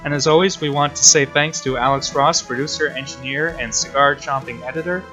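A man's voice: medium pitch, steady tone, brisk, sharp tone, soft background music, poor audio. Playful mock-heroic male announcer. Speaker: podcast co-host. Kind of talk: mock-dramatic outro.

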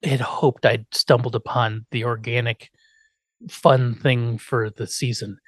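A man's voice: mid-range voice, level tone, takes it slowly, a bit bright, husky, dry recording. A man hosting a podcast, telling an episode's story in a casual chat, acting out quotes and swearing now and then. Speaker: podcast host.

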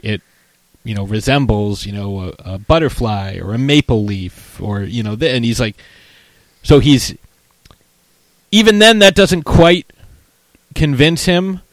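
A man in casual conversation, retelling film scenes in a loose, rambling way full of "like" and restarts. His voice is mid-pitched and sits close to the mic in a dry, dead room. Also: no room sound. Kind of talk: casual chat reviewing a film.

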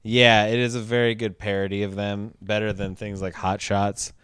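Man, lowish voice, very smooth and clear, laid-back, dry close sound. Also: flat delivery, normal speed, a bit bright, dry recording. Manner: laid-back, laughs often, swears casually. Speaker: podcast co-host. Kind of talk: casual chat.

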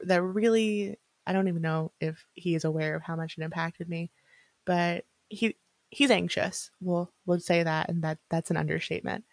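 A woman's voice: on the low side, dry recording. Earnest laughing woman on a podcast. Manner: earnest, laughs often, many fillers. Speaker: podcast co-host. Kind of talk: casual podcast chat.

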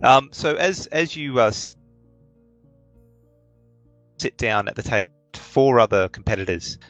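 A man narrating a tabletop game as game master, with halting speech full of fillers. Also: medium pitch, animated, fairly bright tone, no room sound, soft background music, rough recording.

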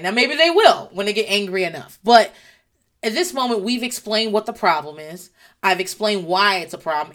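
Woman, a mother, mid-pitched and blunt; casual, profane parenting talk. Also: lively intonation, moderate pace, fairly bright tone.

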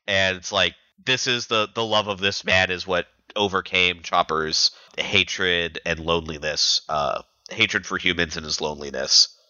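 A man's voice: deep voice, steady tone, measured pace, bright, forceful tone, dry recording, lo-fi sound. A man co-hosting a podcast, casually recapping chapters in a rambling way with lots of fillers and restarts. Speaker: podcast co-host.

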